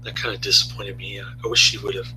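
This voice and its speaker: A man's voice: deep voice, flat delivery, quick pace, sharp tone, slight background noise, low-quality recording. A man giving a rambling, laid-back casual video review, often chuckling to himself.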